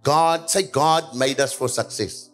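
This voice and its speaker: A male pastor preaching a sermon, moving between quiet passages and louder lines, with repeated hallelujahs. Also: medium pitch, a little slow, faint music behind.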